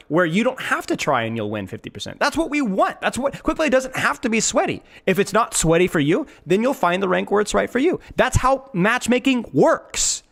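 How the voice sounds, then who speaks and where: A man's voice: high voice, a bit bright. A man streamer giving emphatic gaming commentary, repeating his points.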